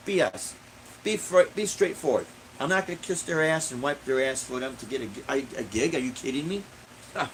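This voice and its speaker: Middle-aged man, blunt and indignant street musician venting, slightly high voice, faint background noise. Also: lively intonation, normal speed, low-quality recording. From Illinois. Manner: blunt, indignant, repeats himself for emphasis. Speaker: busking musician, vlogger. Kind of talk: casual ranting monologue.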